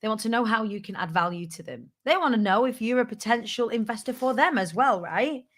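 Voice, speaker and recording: Candid, playful woman with a bright voice. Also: a little high, animated, brisk. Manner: candid and playful, with casual swearing. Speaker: host of a business tips show. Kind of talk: casual motivational talk to a live audience.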